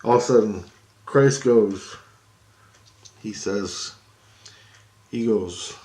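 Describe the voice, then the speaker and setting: A man telling a story in a rambling, excitable way, with lots of swearing and restarts. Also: on the low side, slow pace. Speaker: vlogger. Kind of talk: casual storytelling.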